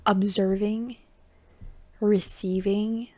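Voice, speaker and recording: This tarot reader gives an intuitive reading to viewers in a soft, reassuring way, often slipping into a whisper. Her mid-range voice barely moves in pitch and she draws her words out. She's chatty and affectionate, calling the listener baby and honey.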